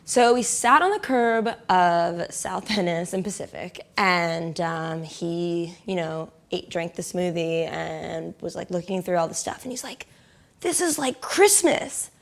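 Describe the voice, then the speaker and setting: A young adult woman casually telling a personal story, often saying "like", laughing a lot and sometimes dropping to a soft whisper. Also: on the low side, unhurried, vocal fry, hardly any pauses. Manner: chatty, heavy use of "like", laughs often. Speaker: interviewee.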